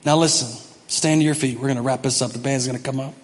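A man's voice: medium pitch, fairly even intonation, fast. A male pastor preaching an impassioned sermon in a large church hall, acting out the voices he quotes. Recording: long hall reverb, music behind.

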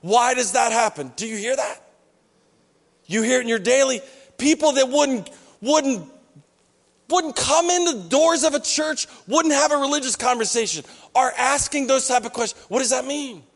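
This sermon in a church hall comes from a male pastor with an extremely high, fairly bright voice and a moderate pace. He preaches conversationally and plays out the voices of the people he quotes.

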